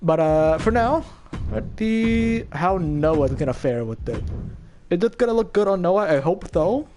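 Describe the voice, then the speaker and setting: A man's voice: high voice, a little slow, a little hiss or hum. Young guy doing casual game commentary, hyped and chatty, voice jumps around a lot. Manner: excitable, chatty, laughs often. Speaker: gaming YouTuber.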